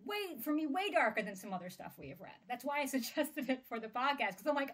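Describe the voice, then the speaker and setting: Expressive woman podcast co-host, higher voice. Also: fast talker. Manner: expressive, exclaims, laughs often. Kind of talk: casual book discussion.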